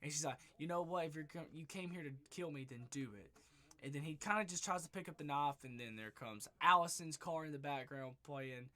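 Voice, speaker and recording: Excited, swearing man retelling a movie. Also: on the high side, fairly quick. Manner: excited, profane, rambling retelling. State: losing his voice. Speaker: movie reviewer. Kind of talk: casual spoiler review monologue. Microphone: webcam.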